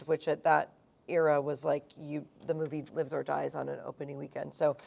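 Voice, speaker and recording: A woman's voice: low-pitched, level tone, a little fast, gravelly, a little mellow. A woman screenwriter telling stories at a live cinema event, enthusiastic and laughing often. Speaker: screenwriter guest. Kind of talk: animated conversational interview.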